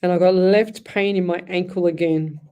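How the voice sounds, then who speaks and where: A middle-aged woman hosts live psychic readings on the radio. Her voice sits low and mellow. She talks in a chatty, rambling flow, restarting phrases as she thinks aloud. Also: steady tone, normal speed, smooth. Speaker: radio host and psychic medium.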